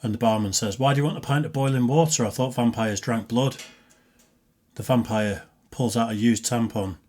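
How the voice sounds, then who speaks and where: A man's voice: medium pitch, moderate pace, a little mellow. A man co-hosting a reaction video, making dry, blunt remarks in casual chat. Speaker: reaction channel co-host.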